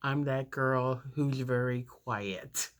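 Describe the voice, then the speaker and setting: Fifty-something lady rambling slowly thru a story while doing makeup, lots of ums. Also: rumbling low. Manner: rambling, with many fillers and restarts.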